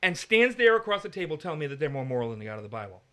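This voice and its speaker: Man, Bible teacher, fairly high voice, argumentative and emphatic in discussion. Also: sing-song, very fast, bright, forceful tone.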